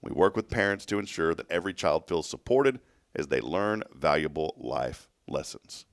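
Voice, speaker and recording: Gravelly-voiced man hosting a morning show. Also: rumbling low, animated, moderate pace, no echo, studio quality. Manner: reads shout-outs to viewers, jokes with his co-host. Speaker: host of a local morning show. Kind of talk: reading a sponsor message, then casual chat.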